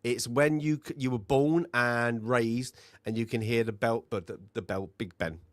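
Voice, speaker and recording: A man's voice: medium pitch, normal speed, no room sound. A man co-hosting a film review show in casual, rambling chat, full of fillers and restarts.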